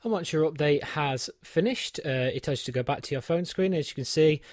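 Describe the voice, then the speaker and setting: A man from the United Kingdom with a brisk, slightly high voice reviews tech, chatting his way through unboxing and setting up a gadget with self-deprecating humor and many ums. He records in his small home studio, with no echo.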